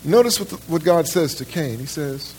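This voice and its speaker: A man's voice: a little high, lively intonation, normal speed, darkish tone, slight background noise. A man preaching a sermon to a church congregation, emphatic, often restarting his words and putting questions straight to his listeners. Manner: addresses the congregation directly with questions. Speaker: pastor. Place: church service.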